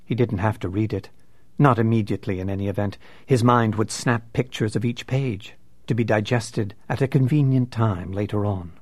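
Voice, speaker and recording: A man narrating an audiobook in a measured, unhurried way. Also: on the low side, no echo.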